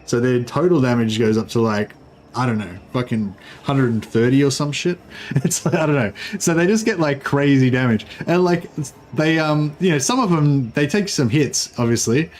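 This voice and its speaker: Aussie guy streaming a strategy game, mid pitch, lots of ums, bit of hiss behind. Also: moderate pace. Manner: rambling, filler-heavy, explains game mechanics. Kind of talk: casual live-stream commentary.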